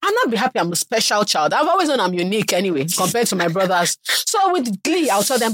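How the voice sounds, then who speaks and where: A woman with a Nigerian accent, co-hosting a podcast in casual chat, lively and acting out quoted lines. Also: on the high side, fast, hardly any pauses, no room sound, clean studio sound. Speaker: podcast co-host.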